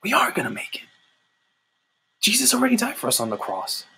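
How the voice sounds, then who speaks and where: A man's voice: sits high, wildly swooping pitch, a little fast, vocal fry, bright, forceful tone, husky. A man preaching a livestreamed sermon into his laptop, fervent and conversational, repeating his refrains. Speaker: street-style online preacher.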